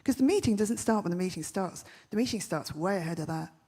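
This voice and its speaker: A woman giving a comic keynote talk on stage, telling punchy stories with quick, brash jokes. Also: fairly low pitch, lively intonation, warm tone. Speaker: festival speaker. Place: large event stage.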